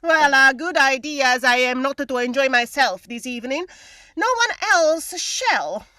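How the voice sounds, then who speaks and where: A woman's voice: high voice, animated, unhurried, pushed and bright, no echo, clean studio sound, heavily acted. A woman playing a huffy pompous housekeeper. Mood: scheming. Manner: huffy, self-important scolding. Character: pompous indignant middle-aged housekeeper woman. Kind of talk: script read-through.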